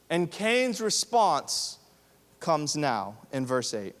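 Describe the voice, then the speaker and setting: A man preaching a sermon to young adults, animated, dropping at times to quiet, hushed tones. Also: high-pitched, takes it slowly. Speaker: youth pastor. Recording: reverberant hall.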